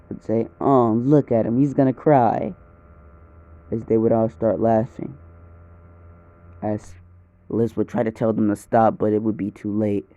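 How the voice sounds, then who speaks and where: A man's voice: on the low side, vocal fry, warm tone. A man casually narrating an improvised fan story, rambling and swearing freely, on a dull lo-fi recording.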